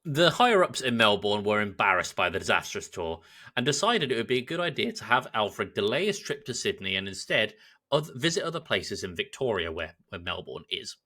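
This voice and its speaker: A lively man from England, co-hosting a podcast, tells a story in a casual chat, laughing often along the way. His voice is lowish and a little fast.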